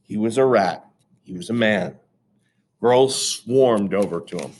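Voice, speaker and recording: A man reading a children's chapter book aloud in an animated, expressive way. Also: lowish voice, unhurried. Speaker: reader.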